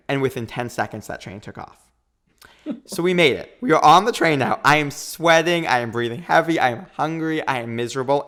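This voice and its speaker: A man in his thirties, a podcast guest, telling a long story in a lively, quick way and acting out what people said. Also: mid-range voice. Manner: animated, quick storytelling with acted-out quotes. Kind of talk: storytelling in a casual interview.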